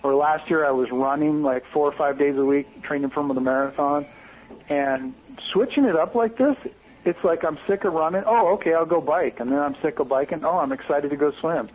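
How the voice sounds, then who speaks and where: An enthusiastic man from Oregon chats casually as a podcast guest, his voice sitting a little high. The sound is somewhat muffled, with a faint hiss of noise behind him. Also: fairly quick. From Bend, Oregon. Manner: upbeat, enthusiastic. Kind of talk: casual chat.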